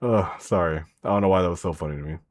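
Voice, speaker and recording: Talking very fast in a low-pitched voice, this man streams a reaction to a video. He's relaxed and casual with his viewers, speaking straight to chat and swearing a lot.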